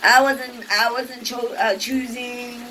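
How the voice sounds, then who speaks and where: A woman's voice: fairly high pitch, slow pace, a little hiss or hum, low-quality recording. A woman vlogger telling a personal story in a casual, rambling way, full of fillers and restarts and acting out what people said. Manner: lively, acts out quoted people.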